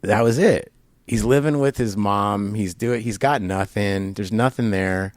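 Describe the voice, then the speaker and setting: A man's voice: on the low side, unhurried, no room sound. A man being interviewed, telling a long story casually with lots of fillers and acting out the voices of the people in it. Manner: animated storyteller, many fillers, acts out quoted voices. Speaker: guest. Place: barber shop.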